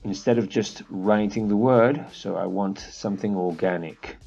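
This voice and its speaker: A man teaching an architecture course, walking through a software demo in a relaxed way, thinking aloud with fillers. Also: fairly low pitch, normal speed, vocal fry, husky, muffled recording, soft background music. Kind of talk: screen-share software tutorial.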